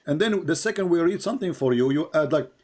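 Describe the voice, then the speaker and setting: Male debate host, slightly high voice, combative, mocking, keeps repeating his point. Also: expressive, fast, darkish tone. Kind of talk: heated live debate.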